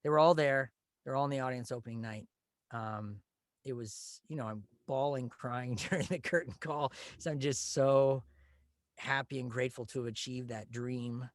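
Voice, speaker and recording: A man telling stories in a casual, animated way, with quick bursts of speech. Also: mid-range voice, dry recording, clean studio sound. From Canada. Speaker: guest, Broadway actor.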